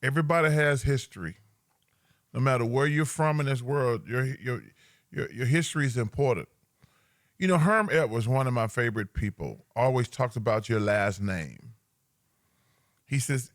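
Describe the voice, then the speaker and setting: A middle-aged man in loose podcast banter, rambling through stories with bursts of big laughter. His pitch sits in a mid range, and the room sounds dry and close. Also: lively intonation, moderate pace, pauses often, no room sound. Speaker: podcast co-host.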